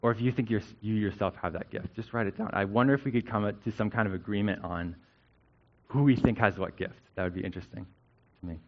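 A man's voice: fairly low pitch, fast, muffled recording, a little hiss or hum. A male pastor giving a conversational sermon, often checking in with "right?" as he teaches.

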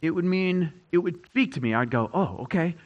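Higher-voiced man preaching with emphasis. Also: expressive, moderate pace, muffled recording. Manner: emphatic, repeats key phrases, swings between loud and hushed. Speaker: pastor. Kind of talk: sermon.

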